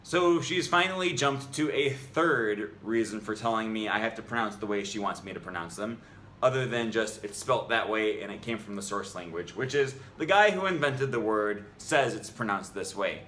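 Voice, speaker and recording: A man's voice: fairly low pitch, lively intonation, moderate pace, sharp tone. A man making a language video, reading out an article and arguing back against it in an exasperated, argumentative way. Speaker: language vlogger. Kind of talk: reading an article aloud and rebutting it. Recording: roomy echo, faint ambient noise.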